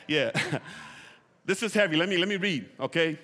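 Male preacher, call-and-response sermon; bright, forceful tone with long hall reverb. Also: on the high side, expressive, moderate pace. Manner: call-and-response, has listeners repeat phrases. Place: church.

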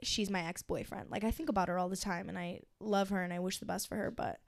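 Twenty-something woman ranting on a podcast, raspy fry in her voice, dead dry mic. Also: medium pitch, steady tone, fast talker, no echo. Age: 20s. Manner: candid, emotional storytelling with heavy filler and swearing. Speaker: podcast co-host. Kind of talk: casual podcast chat.

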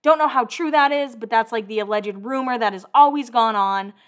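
A woman's voice: on the high side, fairly quick. A young woman hosting a pop culture podcast, chatting casually and animatedly about celebrity gossip, with the odd swear word. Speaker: podcast host. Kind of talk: casual chat.

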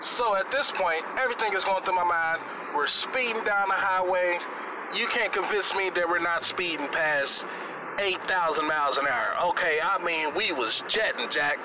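A man telling a comic story in an animated, exaggerated, slangy way, with music playing underneath. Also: sits high, moderate pace, background noise.

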